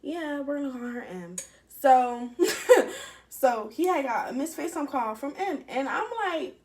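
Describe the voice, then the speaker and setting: A young adult woman telling a personal story casually to her camera, animated, profane and candid, talking straight to her viewers. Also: sits high, a little slow. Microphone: camera set up in front of her.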